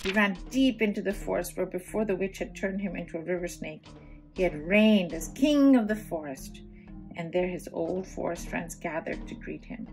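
Woman storyteller, gravelly, children's read-aloud with soft music behind. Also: fairly low pitch, normal speed. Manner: gentle, with asides to young listeners.

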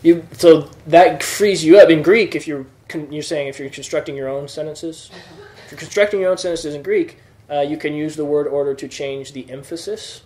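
A man's voice: fairly high pitch, moderate pace, darkish tone. A man teaching a classroom lesson, explaining patiently and checking that students follow. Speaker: Greek teacher. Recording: echoey room.

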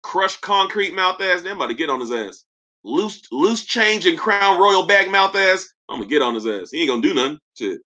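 A man with a fairly high, bright voice hosts a livestream, roasting people with loose, jokey trash talk. He talks casually and breaks easily into laughter. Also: big pitch swings, normal speed. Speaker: livestream host.

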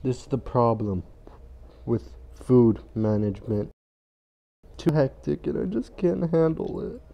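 A man's voice: medium pitch, animated, unhurried, gravelly, muffled recording. A young man giving casual gameplay commentary as a gaming YouTuber, grumbling and swearing, turning frantic when the game gets hectic, recorded on a phone at home.

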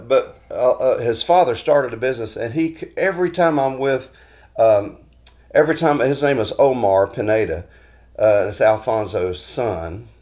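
A man hosting a weekly devotional talk, telling stories in a folksy, unhurried way full of restarts. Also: medium pitch, a little mellow. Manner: folksy storytelling with frequent restarts.

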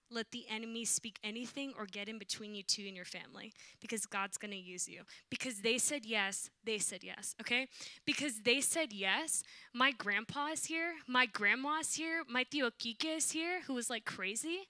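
Young woman, church testimony, bright sharp voice, dry close sound, acts out quotes. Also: fairly high pitch, normal speed, no echo. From Southern California, USA. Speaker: worship leader. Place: church sanctuary.

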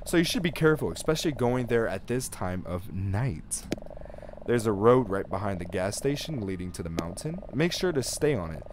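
A man putting on a calm, low-voiced gas station clerk. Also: moderate pace, noisy background. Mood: cautionary.

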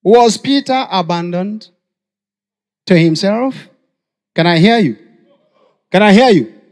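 A man with a Nigerian accent preaching a sermon to a congregation, calling for responses and shouting. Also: high voice, animated, slow. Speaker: pastor. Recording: long hall reverb.

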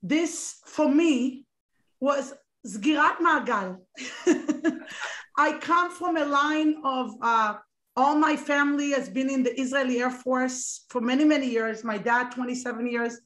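A woman's voice: sits high, a little slow, fairly bright tone. A middle-aged woman co-hosting an interview, emotional and rambling with many restarts. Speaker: co-host. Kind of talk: interview chat. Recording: echoey room.

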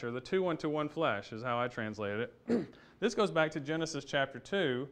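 A man's voice: fairly high pitch, expressive, normal speed, fairly bright tone. A man teaching a Bible study lesson, explaining a passage step by step in a conversational way, thinking aloud with restarts and fillers.

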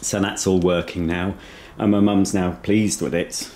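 A man's voice: deep voice, level tone, measured pace, darkish tone, slight background noise. A man giving a casual, rambling video tour of a house, chatting while he eats. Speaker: vlogger. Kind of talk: casual home tour vlog. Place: inside a house.

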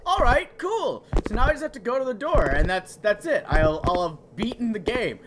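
A let's play gamer commenting on a horror game, excitable and playful, shouting at scares and chatting to the figures on screen and to viewers. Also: medium pitch, moderate pace, background noise.

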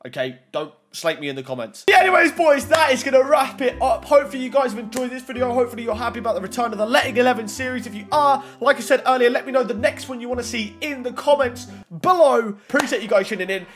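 A young man giving gameplay commentary on a football video game, excitable and talking straight to the game and his viewers. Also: very high voice, fast, hardly any pauses, faint music behind. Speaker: gaming YouTuber.

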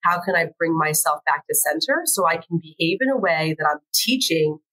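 A woman's voice: low voice, brisk, breathy edge, low-quality recording. A woman educator as a podcast guest, chatting casually and telling stories animatedly. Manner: animated storytelling, acts out quoted voices. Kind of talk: casual conversation.

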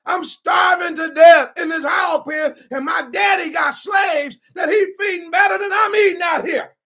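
Desperate starving son begging to come home, very high bright voice, preacher doing him. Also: male voice, normal speed, a faint crowd, exaggerated voice. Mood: determined. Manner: pleading, rehearsing his words aloud. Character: hungry repentant young man, desperate.

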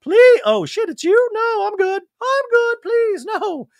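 A shrill, haughty society woman, as a male podcaster puts her on, piping up in a mincing, airy falsetto that swoops up and down. Her parody is sing-song and overblown, on a dry, close podcast mic. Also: very animated, takes it slowly, dry recording, exaggerated voice. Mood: dismissive. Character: haughty upper-crust woman, flustered and shrill.

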